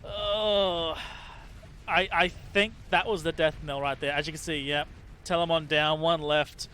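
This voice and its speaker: A man casting a game tournament, excitable and laughing often, catching and correcting his own slips. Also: a little high, a little slow, a little hiss or hum. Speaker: tournament caster. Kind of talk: casual game commentary.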